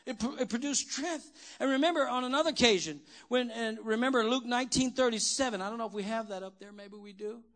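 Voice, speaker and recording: High-voiced man preaching a sermon. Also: quick pace. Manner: preaching with call-and-response questions, swinging from quiet to shouting. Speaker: pastor. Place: church.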